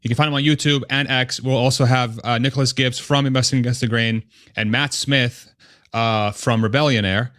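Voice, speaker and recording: An upbeat man hosts a casual live stream, quick to laugh and now and then stumbling over a word. His voice sits in an ordinary middle pitch. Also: fairly even intonation, a bit bright. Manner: upbeat, laughs often, trips over words.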